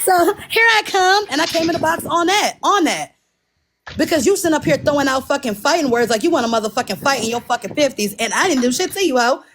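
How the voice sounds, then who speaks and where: Woman, fairly high and very animated voice, profane storytelling with quoted dialogue, faint hiss. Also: fast. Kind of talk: casual livestream storytelling.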